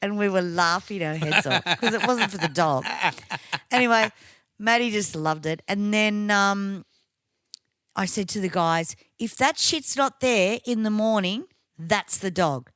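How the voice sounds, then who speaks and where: An Australian woman co-hosting a podcast, telling a story in casual, profane, animated chat. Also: mid-range voice, measured pace, no echo, clean studio sound. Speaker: podcast co-host.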